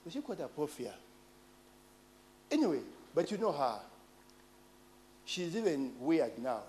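A Ugandan man in his forties preaching, telling personal stories with lively asides and questions to the congregation. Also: a little high, unhurried, slight background noise. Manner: animated storytelling, call-and-response asides.

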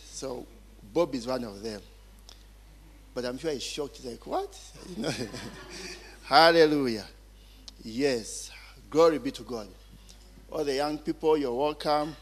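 A fairly high-voiced male pastor preaches at an unhurried pace, dwelling on each phrase and repeating key words with frequent bursts of praise. His voice rings with a long reverb through a church hall. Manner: slow and deliberate, often repeating phrases and interjecting praise. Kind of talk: sermon.

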